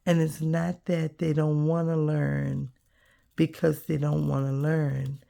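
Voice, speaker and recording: Brief: woman vlogger, slow and gravelly, soft and reflective, low-pitched. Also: little pitch movement. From United States. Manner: soft-spoken, musing, trails off with ums. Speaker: crafting vlogger. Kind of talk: reflective casual vlog while gluing paper.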